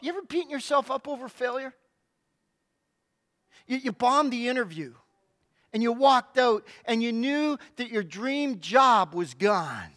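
A middle-aged male pastor with a notably high voice, preaching a sermon. He tells his stories dramatically, leaning on emphatic pauses and short punchy words. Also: fairly bright tone.

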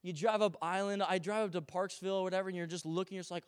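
A man from Canada preaching a sermon as a pastor to his congregation, animated, with humorous asides and acted-out quotes. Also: sits high, very fast, smooth, in a large hall. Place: church sanctuary.

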